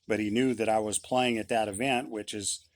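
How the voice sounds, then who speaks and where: A man's voice: on the low side, steady tone, normal speed, dry recording. A middle-aged man, a musician, giving a blunt, insistent opinion monologue and repeating his points.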